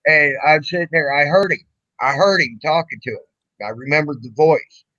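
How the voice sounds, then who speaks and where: A man's voice: a little high, moderate pace, dry recording, dull audio. A man hosting a livestream, telling a story in a loose, profane way and acting out the other people in it. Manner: profane, animated, acts out quoted voices. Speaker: livestream host. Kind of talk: casual storytelling chat.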